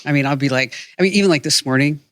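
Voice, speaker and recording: A woman's voice: low voice, racing, no echo, studio quality. Playful, giggly woman hosting a tech podcast. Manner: playful, laughs often, many fillers. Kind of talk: casual chat.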